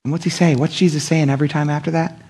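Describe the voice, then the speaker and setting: A pastor with a fairly high, mellow, husky voice races through a Sunday sermon with little pitch movement. His preaching is casual and slangy, and he often acts out what the people in the story said.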